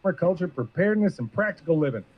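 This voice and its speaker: A man's voice: a little high, animated, fast, slight background noise. Earnest man hosting a live show. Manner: earnest, emotional, rambling. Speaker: podcast host. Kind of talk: live-streamed interview intro. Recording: muffled lo-fi stream audio.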